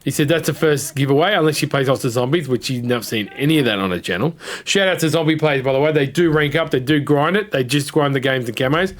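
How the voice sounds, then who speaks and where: A man's voice: medium pitch, quick pace. A man telling a rambling, opinionated story in casual gaming commentary, blunt and now and then swearing. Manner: blunt, drops the odd swear. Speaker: gaming content creator.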